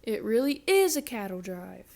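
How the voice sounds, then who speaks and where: A woman's voice: on the high side, very animated, moderate pace, creaky, a little mellow. A woman voicing a doubtful sheriff's deputy in a children's storybook, questioning and amazed.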